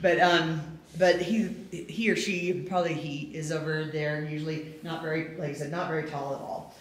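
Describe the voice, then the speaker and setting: A woman's voice: deep voice, fairly even intonation, moderate pace. A woman guiding a tour through an old hotel, chatting and telling stories with many fillers. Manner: chatty storyteller, many fillers, laughs easily. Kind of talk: casual guided tour talk. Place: inside an old abandoned hotel. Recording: echoey room, faint noise.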